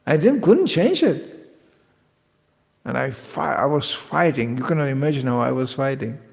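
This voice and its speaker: Male spiritual teacher, devotional lecture, gravelly and animated, acts out quotes, big echoing hall. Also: mid-range voice, moderate pace. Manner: lively, joking, acts out quoted voices.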